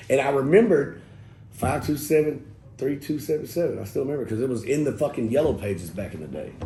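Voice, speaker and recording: Mellow-voiced man telling stories. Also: mid-range voice. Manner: profane, animated, acts out quotes. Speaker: interview guest. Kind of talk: casual storytelling. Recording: echoey room with faint noise.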